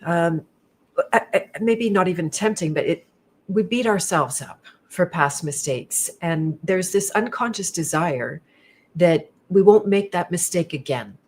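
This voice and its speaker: Woman host, lowish voice, thoughtful and explanatory. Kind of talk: livestream conversation. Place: indoor studio.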